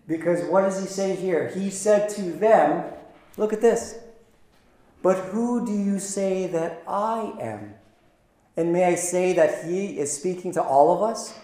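A man with a high voice preaches a sermon in a chatty, playful way. His voice rings through an echoey room. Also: measured pace, a little mellow. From Philippines. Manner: conversational preaching with playful asides. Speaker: pastor.

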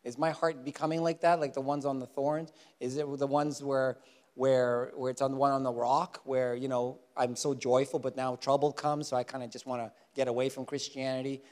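A man preaching a sermon as pastor, joking at his own expense and slowing down to stress the verses he reads. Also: mid-range voice. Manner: humorous, self-mocking, lively storytelling. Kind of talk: sermon with Bible reading.

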